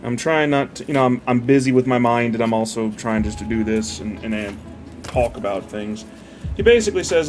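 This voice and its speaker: This man's mid-range, expressive voice moves at a moderate pace over soft background music. Building a model while retelling a parable, he chats loosely, curses freely and drifts off topic whenever the build grabs his attention.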